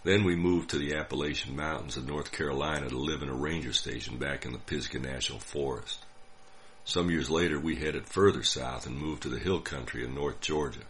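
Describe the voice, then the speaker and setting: An older man from the United States telling a personal story in a dry, wry, unhurried way. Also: rumbling low, a bit bright, slight background noise. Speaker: narrator. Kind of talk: scripted storytelling.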